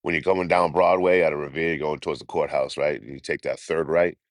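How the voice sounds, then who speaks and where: A man's voice: very deep voice, fairly even intonation, brisk, no room sound, studio quality. A man imitating his long-winded older stepdad, who insists on giving directions. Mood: insistent. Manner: rambling, insistent.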